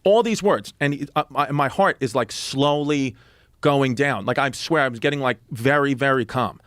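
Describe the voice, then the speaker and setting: Animated man telling a story, dry close sound. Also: normal speed, no room sound. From New York. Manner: animated, acts out quoted lines in lowered voices. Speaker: podcast guest comedian. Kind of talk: casual storytelling chat. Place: podcast studio.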